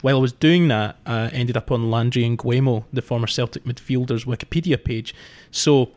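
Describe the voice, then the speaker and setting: A man's voice: medium pitch, moderate pace. Man reading out a quiz. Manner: steady, reads out quiz questions with a dry build-up. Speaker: podcast regular, quiz setter. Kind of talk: casual podcast chat.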